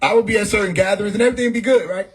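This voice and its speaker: A man's voice: high voice, fairly even intonation, racing, low-quality recording. A man talking casually on a livestream, laid-back and profane, often laughing as he talks. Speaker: livestream host. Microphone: phone mic.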